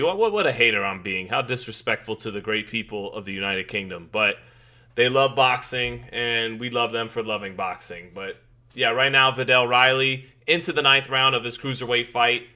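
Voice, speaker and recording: A man's voice: mid-range voice, pushed and bright. A man in his thirties hosting a live boxing watch party, chatting casually and greeting viewers in the chat. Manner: chatty, greets chat members, frequent restarts. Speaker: live stream boxing host. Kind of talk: casual live-stream commentary.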